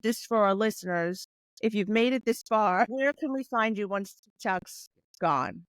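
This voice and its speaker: A woman's voice: medium pitch, unhurried, no room sound. A middle-aged woman hosting a podcast, chatting casually and wrapping up the show. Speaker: podcast host.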